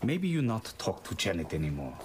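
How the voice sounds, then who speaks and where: A man's voice: sits low, wildly swooping pitch, fairly quick, noisy background. An actor playing a stubborn, proud immigrant father with a Korean accent, speaking blunt, broken English in a sitcom. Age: older. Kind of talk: sitcom acting.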